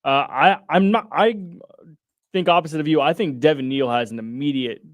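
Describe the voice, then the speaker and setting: A young man with a smooth, resonant voice co-hosts a sports radio show. He speaks earnestly and stumbles into frequent restarts. His American accent comes through close and dry. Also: a little high, no room sound. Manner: halting, restarts often, earnest. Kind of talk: casual sports talk radio.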